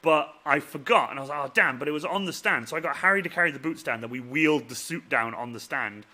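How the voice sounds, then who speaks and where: A man hosting a casual chat, telling animated stories that trail off quietly at the end. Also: fast talker. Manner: animated storyteller, voice drops low and trails off at the ends of stories. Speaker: host.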